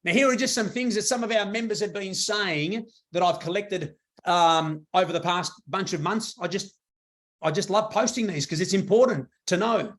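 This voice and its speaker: A man giving an enthusiastic motivational sales pitch to a live audience, repeating himself for emphasis. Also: moderate pace, a bit bright. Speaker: presenter at a business meeting.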